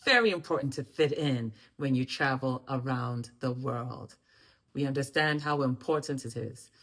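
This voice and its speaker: A man's voice: medium pitch, moderate pace, fairly bright tone. A man hosting a casual spoken lesson on greetings, upbeat and encouraging, often checking in with the listener. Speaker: language and culture teacher, channel host. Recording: roomy echo.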